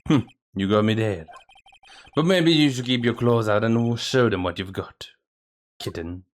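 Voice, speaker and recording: A man voicing a cool, smooth-talking male veteran lawyer who teases in a slow drawl. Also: on the low side, close to an everyday voice. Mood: reassuring. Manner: laid-back, teasing, slow drawl.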